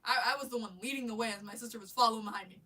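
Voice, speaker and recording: A woman's voice: on the high side, fairly even intonation, rapid-fire, bright, forceful tone, recorded from a distance. A woman with a stuffy nose on a casual live stream, rambling about her day and swearing, with lots of restarts, sitting in her bedroom.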